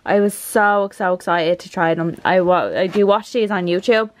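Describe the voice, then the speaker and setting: A woman with an Irish accent vlogging an unboxing at home, rambling and gushing with excitement. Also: lowish voice, moderate pace. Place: her apartment.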